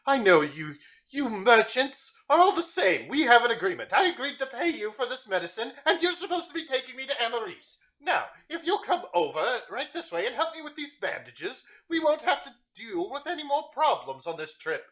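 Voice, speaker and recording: A man's voice: very high-pitched, sing-song, normal speed, fairly bright tone, pitched above the performer's own voice, exaggerated voice. A sick, bandaged patient in a tabletop game, voiced far above his own register. He talks down to everyone, scolding and impatient. The tone is thin and strained, like someone used to giving orders. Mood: scornful. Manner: condescending, scolding. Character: sick, haughty bandaged man, rude and impatient.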